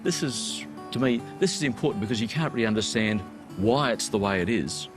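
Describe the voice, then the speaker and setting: A man in his seventies with an Australian accent, a former radio broadcaster giving measured, heartfelt interview answers that turn emotional. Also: fairly low pitch, animated. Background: music.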